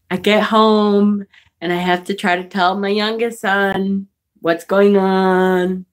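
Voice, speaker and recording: A woman vlogger telling a story in a casual rant to her viewers, exasperated and profane, laughing as she goes. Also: mid-range voice.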